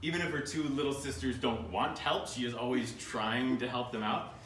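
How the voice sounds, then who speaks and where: A man's voice: mid-range voice, steady tone, normal speed, a bit bright. An American man in his thirties giving a humorous live keynote talk, telling stories with jokes and playful asides. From United States. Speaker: keynote speaker. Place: conference room. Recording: roomy and distant with faint noise.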